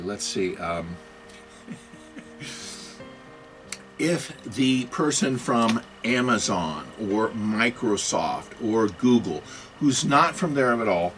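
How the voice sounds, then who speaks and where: A man's voice: fairly low pitch, rough recording. A middle-aged man giving a casual talk on computer security, with joking, self-mocking asides.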